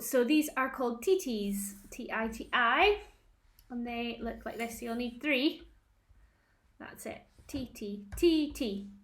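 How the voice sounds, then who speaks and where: A woman from Scotland leads a children's rhythm lesson to camera, slow and clear and full of encouragement. Her voice sits a little high for a woman. She is recorded close to the camera at a table at home. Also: fairly bright tone. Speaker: music tutor.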